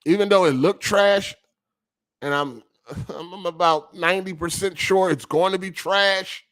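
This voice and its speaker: A man hosting a gaming podcast stream delivers a casual, profanity-heavy rant, full of slang and frustration. His high-pitched voice is a little slow with a fairly bright tone, and it's heard through a streaming setup over a weak connection.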